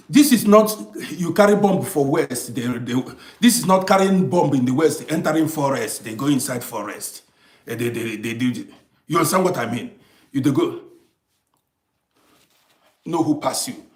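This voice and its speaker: A man's voice: a little high, animated, normal speed, long pauses, reverberant. A man lecturing his live viewers in a heated, emphatic, repetitive way. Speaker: live streamer reading comments.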